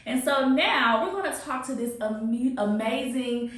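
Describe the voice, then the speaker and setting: Excitable woman hosting a podcast, kinda high voice, super echoey office room. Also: measured pace. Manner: bubbly, effusive, rambling. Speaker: podcast host. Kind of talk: enthusiastic interview chat.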